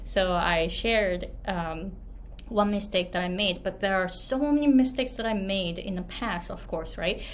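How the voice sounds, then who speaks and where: An unhurried woman with a medium-pitched voice and a Japanese accent coaches on online business and pronunciation, giving casual storytelling advice to camera. Her chatty manner includes frequent fillers and tag questions, and the recording has a little hiss or hum.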